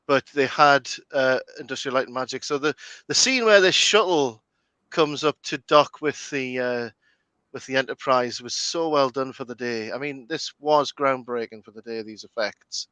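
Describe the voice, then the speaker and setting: A man's voice: medium pitch, normal speed, pushed and bright, dry recording. A man hosting a casual movie watch-along commentary, chatty and full of film trivia. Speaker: host.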